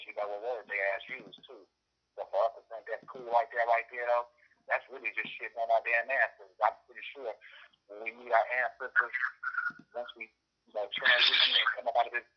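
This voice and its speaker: A man in a radio phone-in discussion group, talking emphatically and swearing freely. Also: mid-range voice. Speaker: discussion member. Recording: muffled radio phone line.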